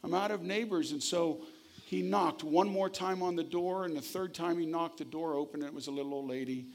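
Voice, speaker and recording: A male pastor delivering a sermon, leading with a long story before turning to scripture. His voice sits a bit high for a man. He speaks earnestly, with emphatic phrasing. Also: steady tone, a little fast.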